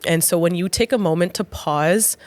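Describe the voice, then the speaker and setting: A woman in her thirties or forties co-hosting a podcast, speaking slowly and reflectively about her faith. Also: lowish voice, no echo. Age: 30s to 40s. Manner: reflective, slow with pauses. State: emotional. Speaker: podcast co-host. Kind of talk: heartfelt faith conversation.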